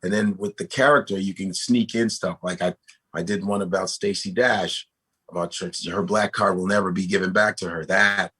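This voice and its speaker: Husky, forceful male comedian. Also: low-pitched, moderate pace. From United States. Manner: animated, profane, frequent restarts. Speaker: comedian guest. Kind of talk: casual podcast conversation.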